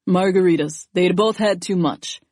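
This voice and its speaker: A woman reading an audiobook voices a grieving young man, speaking softly and haltingly. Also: on the low side, no room sound, clean studio sound, natural voice. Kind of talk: audiobook character voice.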